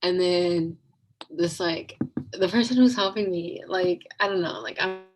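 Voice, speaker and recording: A woman's voice: fairly low pitch, measured pace, slight background noise, rough recording. A young woman telling a rambling storytime over a video call, packed with "like" and giggles. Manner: rambling, fillers like "like" a lot, giggly. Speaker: vlogger. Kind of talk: casual storytime.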